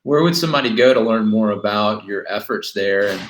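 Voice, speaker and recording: A man hosting a casual interview, asking questions in a calm, measured, earnest way. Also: fairly low pitch, a little hiss or hum. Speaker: interview host. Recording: roomy echo.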